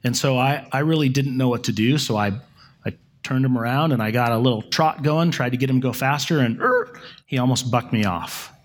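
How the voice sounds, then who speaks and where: A man preaching a sermon in a conversational, storytelling way, correcting himself and pausing for effect. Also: medium pitch. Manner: conversational, with self-corrections and dramatic pauses.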